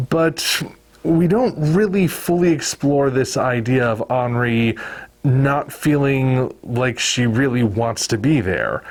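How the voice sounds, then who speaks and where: Male video reviewer, mid pitch, casual musing delivery with wry asides.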